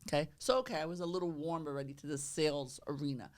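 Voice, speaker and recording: A woman, a real estate agent chatting on a podcast, loud and energetic, acting out both sides of her phone calls. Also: deep voice, fast. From the Bronx, New York. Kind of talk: casual podcast chat.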